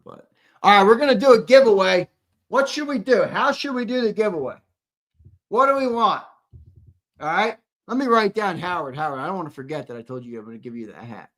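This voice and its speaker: A young man with a high, pushed, bright voice speaks a little fast, his pitch swinging widely. He co-hosts a live fan show, reading comments in loose chat with viewers, swearing and repeating his lines.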